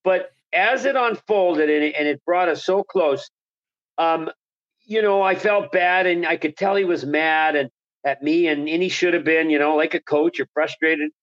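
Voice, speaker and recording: A man's voice: on the high side, moderate pace, a bit bright, muffled recording. A man who was a hockey color analyst, telling a long story as an interview guest, enthusiastic and rambling with restarts.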